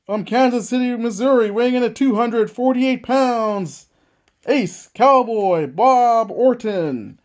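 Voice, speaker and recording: A man hosts a tabletop wrestling game, calling it like a ring announcer and narrating each move as it happens with lots of excitement. His voice is very high and he speaks slowly, in wrestling play-by-play style.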